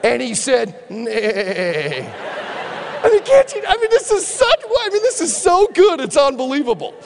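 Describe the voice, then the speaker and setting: Man preaching, very high voice, lively storytelling, long hall reverb. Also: brisk, creaky, a loud crowd, very noisy. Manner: animated storyteller who acts out scenes; drops to a hushed, intimate tone for appeals. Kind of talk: sermon. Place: church hall.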